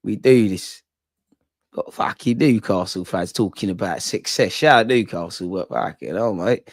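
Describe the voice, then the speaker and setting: A man's voice: on the low side, normal speed, no room sound. Young male fan-channel host, slangy and hyped, dry close mic. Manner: excitable, slangy, shouts out viewers. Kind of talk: live watch-along reaction.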